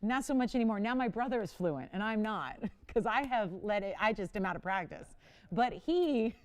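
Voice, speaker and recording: A woman in her forties hosts a live home-shopping show in a television studio, bubbly and chatty and laughing often as she presents. She speaks at normal speed in an expressive, mid-range voice.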